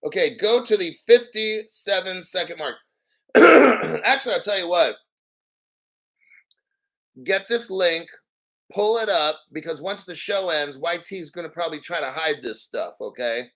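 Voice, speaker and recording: A man's voice: sits high, expressive, unhurried, pauses often, fairly bright tone, low-quality recording. Brash, profane male crypto streamer. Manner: brash, profane, mocking, clears throat often. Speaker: crypto YouTube host. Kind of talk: live-stream rant.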